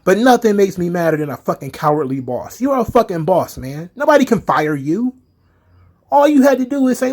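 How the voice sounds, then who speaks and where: Man, fairly high voice, angry ranting commentary, profane, heated, emphatic. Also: very animated, fairly quick, a little mellow. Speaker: wrestling commentary vlogger.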